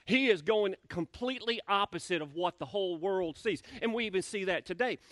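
A man's voice: sits high, animated, brisk, fairly bright tone, no echo, studio quality. A male pastor preaching a sermon in a church, talking conversationally, repeating words and asking the congregation questions. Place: church sanctuary.

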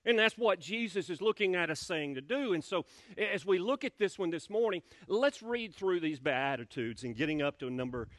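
A man's voice: high-pitched, moderate pace, a bit bright, no room sound, studio quality. A male pastor preaching a sermon in a church, talking conversationally, repeating words and asking the congregation questions. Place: church sanctuary.

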